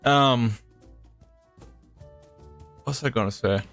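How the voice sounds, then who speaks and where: A man on a gaming stream casually explaining how his mod works, relaxed, with restarts and chuckles. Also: mid-range voice, extremely slow. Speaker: developer of the game mod. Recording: faint music behind.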